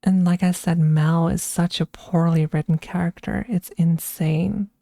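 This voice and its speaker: A woman streamer chatting casually and giving her opinions in an unhurried way. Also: on the low side, fairly even intonation, creaky, warm tone, no room sound, clean studio sound. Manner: unhurried and opinionated, with frequent restarts. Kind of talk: casual chat, ranking films.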